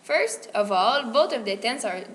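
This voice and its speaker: A woman student presenting a grammar lesson, reading her prepared explanation carefully and deliberately. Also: fairly high pitch, lively intonation, slight background noise.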